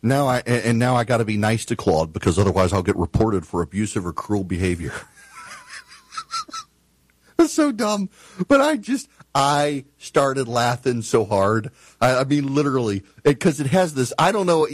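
A man ranting through a talk show monologue, his pitch swinging widely as he tells an exasperated story. The sound is dry and close, with no room echo. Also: lively intonation, moderate pace.

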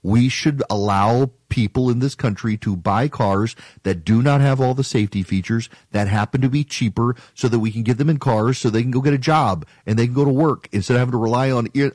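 A man's voice: medium pitch, fairly quick, hardly any pauses, a little mellow, no room sound. A man hosting a talk radio show, delivering an opinionated monologue in an emphatic, argumentative way and mocking his critics.

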